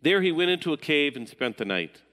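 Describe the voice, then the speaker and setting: Measured pastor in a reverberant hall. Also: male voice, on the high side, big pitch swings. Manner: measured, dropping to a hushed voice at times. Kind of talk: sermon.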